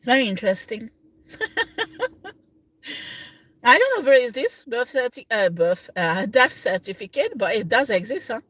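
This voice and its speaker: High-voiced woman rambling with laughs. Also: big pitch swings, fairly bright tone, husky, no room sound. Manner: rambling, laughs often, halting non-native phrasing. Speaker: tarot reader. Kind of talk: casual livestream chat.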